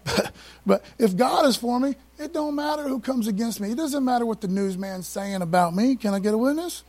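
A man preaching with a rather high, husky voice. He talks to his listeners in a loose, conversational way, dropping slang and asides between scripture readings. He gets excited and rushes ahead when fired up. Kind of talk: sermon.

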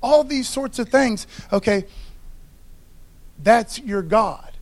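A man's voice: very high voice, slow. A man preaching a sermon in a loose, conversational way, often checking in with the congregation. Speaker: pastor.

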